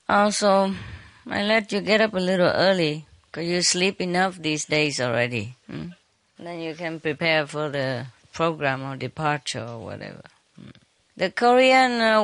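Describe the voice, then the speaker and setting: A woman's voice: fairly low pitch, fairly bright tone, dry recording. A woman teacher giving an informal talk to a retreat audience, teasing them playfully with frequent laughter and switching between English and Chinese.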